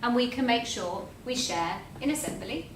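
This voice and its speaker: A woman co-presenting a school assembly, gentle and encouraging with a light teasing edge. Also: on the high side, lively intonation, normal speed, a little hiss or hum. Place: school room. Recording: echoey room, mic at a distance.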